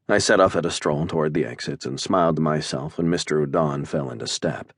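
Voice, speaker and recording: A man narrating an audiobook in the first person, measured and even, on a close studio mic. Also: very deep voice, no echo.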